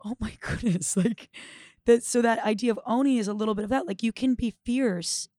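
A middle-aged woman who leads retreats, talking casually and telling stories with lively expression. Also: on the high side, fairly quick, dry recording, studio quality. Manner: animated, expressive storyteller. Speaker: retreat and workshop leader. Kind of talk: casual conversation.

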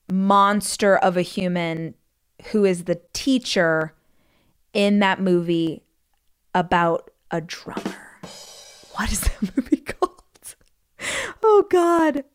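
A woman's voice: medium pitch, clean tone. A woman hosting a solo podcast, chatting casually and rambling enthusiastically with frequent restarts and asides. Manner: chatty and rambling, gushing about movies; frequent restarts and side comments. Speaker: podcast host.

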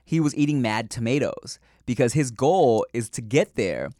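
A man's voice: medium pitch, expressive, normal speed, dark tone, no echo, studio quality. A man co-hosting a podcast in casual chat, telling stories loosely with lots of slang and swearing. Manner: loose, profane storytelling full of "like" and "bro". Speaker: podcast co-host.

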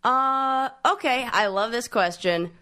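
A woman's voice: a little high, slow, bright, forceful tone, clear, resonant tone. A woman co-hosting a podcast in casual chat, frank and blunt with a teasing edge. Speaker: podcast co-host.

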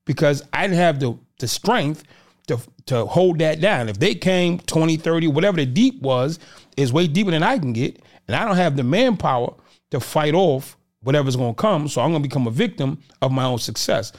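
A man's voice: fairly high pitch, normal speed. A man from the Boston area in casual conversation as a podcast guest, telling stories and acting out what others said. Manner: animated, acts out quotes of others.

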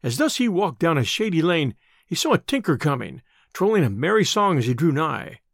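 A man reading an old adventure tale aloud in an expressive, measured narration. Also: fairly high pitch, vocal fry, no room sound, studio quality. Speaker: storyteller. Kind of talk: scripted storybook narration.

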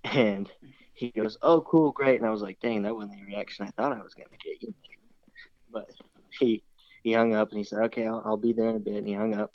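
A man's voice: on the low side, little pitch movement, fast talker, no echo, highs cut off. A young man casually retelling a hunting story, rambling and acting out the dialogue. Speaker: hunter telling a story.

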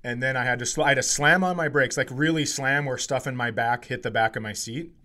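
A man in his forties, a comedian telling a story in casual chat, swearing and getting animated as he acts out a heated argument. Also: medium pitch, quick pace. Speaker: comedian podcast co-host.

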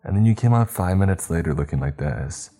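A man's voice: deep voice, lively intonation, a little fast, dark tone, soft background music. A man reading as a wary young woman. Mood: cautious. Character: young woman store worker, wary and guarded.

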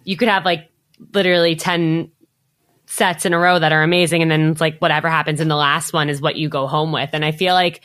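A woman's voice: low voice, steady tone, fairly quick, a bit bright, dry recording, studio quality. A woman hosting a podcast, chatty and upbeat, with lots of filler "like". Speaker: podcast host. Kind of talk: casual podcast chat.

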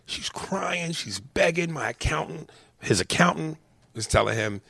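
Gravelly man on a heated profane rant. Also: lively intonation, a little slow, no echo. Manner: heated, profane, swings between loud outbursts and low mutters.

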